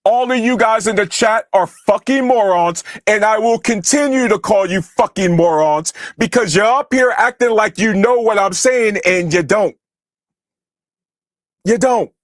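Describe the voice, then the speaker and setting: An American man hosting a livestream angrily rants at his chat, cursing and berating commenters. His voice sits high and he speaks unhurriedly, recorded with studio quality and no room sound.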